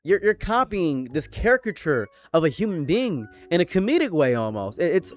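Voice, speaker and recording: A man's voice: a little high, sing-song, moderate pace, soft background music. A man with an American accent and a slight foreign tang, doing casual commentary and repeating his points with emphasis. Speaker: commentary YouTuber.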